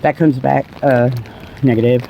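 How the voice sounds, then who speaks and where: A woman's voice: rumbling low, steady tone, normal speed, vocal fry, lo-fi sound, slight background noise. A middle-aged woman telling her own story in a candid, rambling, blunt way, swearing casually. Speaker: vlogger sharing her cancer story.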